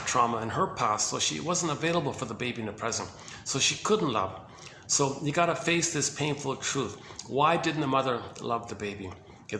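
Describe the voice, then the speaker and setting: A man's voice: on the high side, pushed and bright, roomy sound, slight background noise. A man giving an informal lecture on psychoanalysis, talking emphatically with lots of repetition and fillers.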